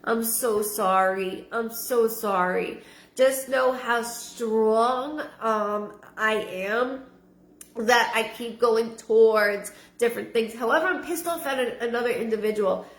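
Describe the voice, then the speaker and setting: Higher-pitched woman, halting psychic reading, roomy echo. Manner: halting, repeats words, frequent ums. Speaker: psychic medium. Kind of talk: live-streamed spirit reading.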